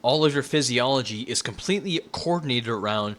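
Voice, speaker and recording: A man's voice: medium pitch, animated, a little fast, fairly bright tone. A man giving an informal lecture in a loose, conversational way, often checking in with "right?" and restarting his sentences.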